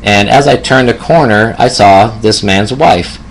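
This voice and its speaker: A man's voice: fairly low pitch, unhurried, creaky, slight background noise, rough recording. A man in his fifties, a hospice nurse, telling a personal story in a reflective way and laughing often. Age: 50s.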